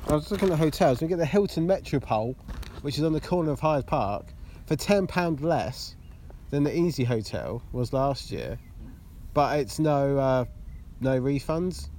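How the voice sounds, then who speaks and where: A man's voice: mid-range voice, animated, moderate pace, dark tone, a little hiss or hum. A man co-hosting a podcast in casual chat, sweary and chatty, agreeing often. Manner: sweary, chatty, lots of yeahs and restarts. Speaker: podcast co-host.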